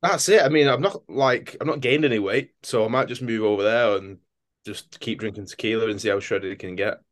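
Young guy cohosting a podcast, lowish voice, swears a lot, telling stories casually. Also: brisk, a bit bright. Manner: swears freely, storytelling with mimicked voices. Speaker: podcast co-host. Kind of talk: casual chat.

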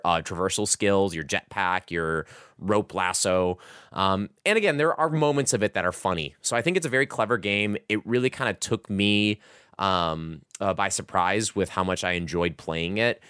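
Man, casual game chat host, lowish voice, rambling, lots of fillers, dry close sound. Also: fairly quick, fairly bright tone, clean tone, no room sound. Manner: rambling, heavy use of "like" and "um". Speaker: podcast host reviewing a video game.

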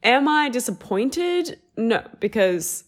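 A young woman co-hosting a podcast, animated and opinionated in casual chat. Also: a little high, slow. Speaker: podcast co-host.

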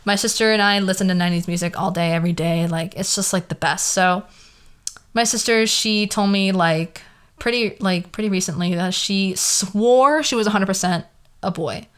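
A woman's voice: mid-range voice, normal speed, fairly bright tone, clean tone. A woman in her twenties with a Valley girl accent, hosting a casual solo podcast, rambling and filling her talk with "like". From the San Fernando Valley, California. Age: 20s. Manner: rambling, heavy use of "like", questioning tone. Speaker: podcast host.

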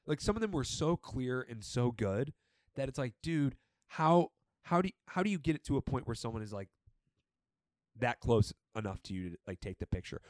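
A young man co-hosting a podcast, chatting casually and telling animated, swear-filled stories about old jobs. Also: mid-range voice, no echo. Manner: animated storytelling, swears freely. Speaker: podcast co-host. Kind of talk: casual chat.

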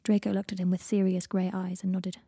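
A woman reading a story aloud in an even, steady narrating voice. Her tone is mellow and warm with a soft, breathy edge. The recording is close and dry with no room sound. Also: fairly low pitch, a little fast, no room sound. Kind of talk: audiobook reading of fan fiction.

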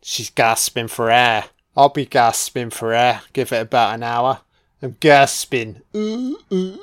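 A man's voice: mid-range voice, animated, measured pace. A man giving a profane, sarcastic commentary on a film as it plays.

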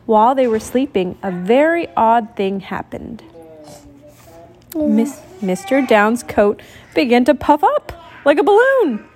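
A woman reading a picture book aloud, expressive and doing sound effects while explaining to a child. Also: on the high side, slow pace, slight background noise. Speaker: storybook reader.

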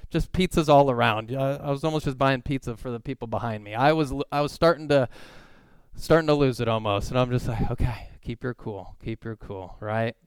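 A man's voice: medium pitch, brisk, clear, resonant tone, no room sound. A man in his thirties preaching a sermon, telling a family story in a casual, self-deprecating way. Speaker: pastor.

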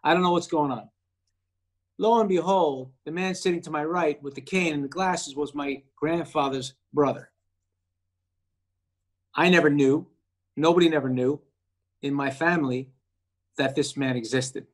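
A man, an actor guest, telling a personal story in casual talk, animated and acting out the voices of the people he quotes. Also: fairly high pitch, normal speed, long pauses.

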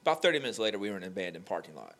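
A young man telling an emotional faith story on a podcast, animated and full of "like" fillers. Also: fairly low pitch, rapid-fire. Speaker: podcast guest. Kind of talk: candid faith conversation.

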